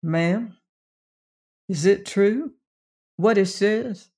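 A narrator voicing a laconic, steely gunfighter who speaks in a low, slow drawl in a western audiobook story. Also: a little mellow. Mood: steely calm. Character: laconic cold gunman rider, calm and steely.

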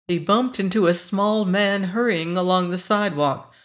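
A narrator reading a short story aloud in a measured, even way. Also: medium pitch. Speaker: audiobook narrator.

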